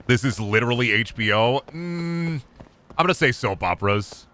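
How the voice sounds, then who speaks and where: A male game streamer chats casually over his gameplay, animated and joking, with plenty of profanity. His voice is bright and forceful. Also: medium pitch, normal speed. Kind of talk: casual live-stream commentary.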